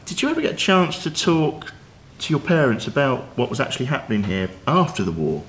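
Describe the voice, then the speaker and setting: A man interviewing an older woman, asking gentle, curious questions. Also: mid-range voice, very animated, a little fast, a little hiss or hum.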